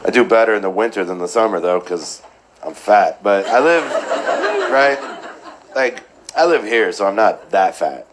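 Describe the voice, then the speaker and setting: A man's voice: lowish voice, moderate pace, background noise. A man doing a stand-up routine, joking about himself to a laughing audience. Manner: self-deprecating, animated. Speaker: stand-up comedian. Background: loud audience laughter.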